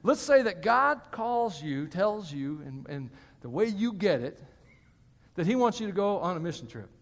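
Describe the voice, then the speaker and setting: A man's voice: high voice, very animated, moderate pace. A male pastor giving a sermon in a church, chatty and joking with the congregation between points. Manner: conversational, joking asides to the congregation. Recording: hall reverb.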